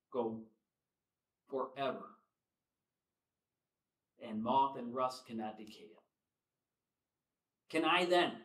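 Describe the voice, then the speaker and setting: Bright-voiced preacher man in an echoey church. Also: mid-range voice. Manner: swings from soft and slow to loud and emphatic. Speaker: pastor. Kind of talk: sermon. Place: church sanctuary.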